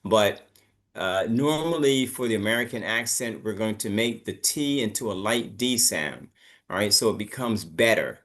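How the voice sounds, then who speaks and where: A man's voice: fairly low pitch, fairly bright tone. A man teaching an English pronunciation lesson, coaching students and repeating words for them to copy.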